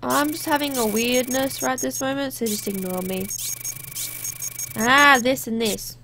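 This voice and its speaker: A woman's voice: sits high, unhurried, sharp tone, slight background noise. A woman hosting a let's play, chatty and self-mocking as she works through the game. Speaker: gaming channel host.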